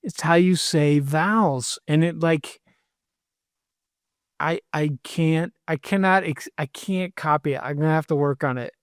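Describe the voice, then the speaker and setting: An animated man co-hosting a casual podcast, with a fairly high voice. He jokes around and keeps dropping into quick imitations. The sound is close and dry. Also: clear, resonant tone, no echo. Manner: animated, jokey, slips into voices and mimicry. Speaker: podcast co-host. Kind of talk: casual chat. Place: lives in Virginia.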